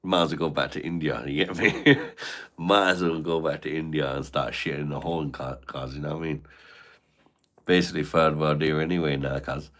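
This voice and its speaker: A man's voice: extremely low pitch, fairly even intonation, fairly quick, a bit bright. A man, chatting live to his viewers in crude, slang-heavy joking banter full of swearing. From Britain. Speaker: live streamer reading chat. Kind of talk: casual live-stream chat.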